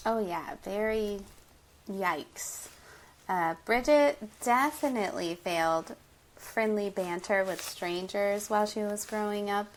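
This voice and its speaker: A woman's voice: medium pitch, slow, a little hiss or hum. An American woman co-hosting a casual movie-review podcast, laughing often as she talks. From United States. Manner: giggly, often laughing mid-sentence. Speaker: podcast co-host.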